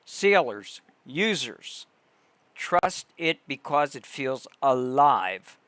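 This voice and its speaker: Slow, deliberate male livestream host. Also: mid-range voice, big pitch swings, a bit bright, dry recording. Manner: slow, deliberate reading with pauses and restarts. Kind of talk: reading text aloud on a livestream.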